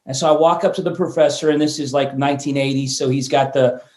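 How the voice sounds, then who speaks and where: A man in his fifties, a guest on an interview show, telling stories in a lively way and often restarting words mid-sentence. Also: medium pitch, fast. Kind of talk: storytelling interview chat. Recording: roomy echo.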